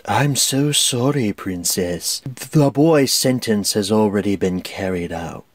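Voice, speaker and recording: An actor playing a scheming male sorcerer villain in an animated film, with a slimy, smooth voice and a slow, mocking delivery. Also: lowish voice, no echo. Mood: sneering.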